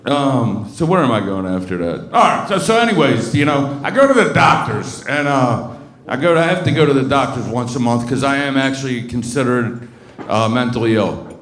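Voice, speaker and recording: Crude rambling stand-up comic. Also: male voice, medium pitch, lively intonation, normal speed, fairly bright tone, echoey room. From Baltimore. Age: 30s. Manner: crude, rambling, many fillers and restarts. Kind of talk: stand-up comedy set. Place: comedy club stage.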